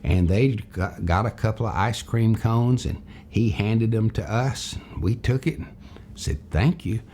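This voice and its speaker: An older man from Tennessee, husky voice, telling a childhood story as a character lesson in a folksy, animated way. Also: lowish voice, unhurried, a little hiss or hum. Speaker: storyteller teacher.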